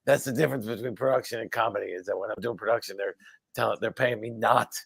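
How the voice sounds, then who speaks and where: Man, East Coast accent, heavily gravelly, dry close recording, halting deadpan chat. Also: no echo. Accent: East Coast American. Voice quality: deep gravelly voice. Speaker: comedian guest. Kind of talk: casual interview chat.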